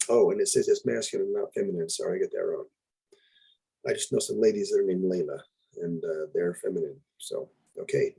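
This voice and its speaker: Casual volunteer Hebrew teacher, low and a bit gravelly, loose delivery with self-corrections. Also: male voice, rough recording. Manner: relaxed, repeats and corrects himself. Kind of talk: informal grammar and vocabulary lesson.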